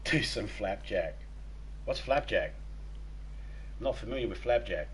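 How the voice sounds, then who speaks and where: A man's voice: on the low side, lively intonation, measured pace, a little hiss or hum, rough recording. A young man hosting a live game stream, chatting casually with crude, playful jokes. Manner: crude joking, playful, breaks into voices and laughter.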